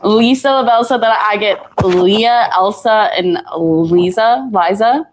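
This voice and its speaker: A woman's voice: medium pitch, unhurried, a little hiss or hum. A young woman co-hosting a live sale, chatting casually and telling stories with lots of giggles. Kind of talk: casual chat.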